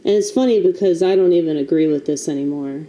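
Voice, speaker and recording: A woman's voice: deep voice, quick pace, mellow, poor audio. A woman vlogger talking candidly to the camera, blunt, a little profane, emotional and self-mocking. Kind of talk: candid casual talk to camera.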